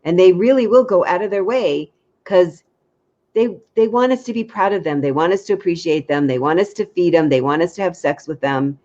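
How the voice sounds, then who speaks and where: A woman dating coach giving frank, lively advice in a casual chat, acting out little quotes. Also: lowish voice, brisk, dull audio.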